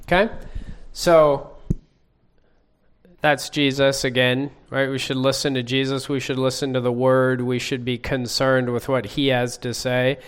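A man leading a group Bible study, asking the class questions in a measured way. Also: mid-range voice, flat delivery, clear, resonant tone.

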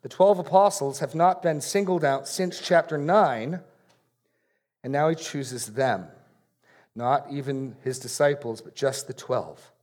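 A man preaching an expository sermon in an earnest way, repeating key phrases for emphasis and going quiet on solemn points. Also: mid-range voice, measured pace.

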